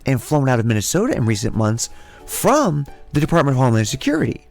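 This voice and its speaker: A man hosting a podcast, recapping news in a casual, animated way with plenty of swearing. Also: medium pitch, fast talker, vocal fry, faint music behind. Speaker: podcast host. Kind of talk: casual chat.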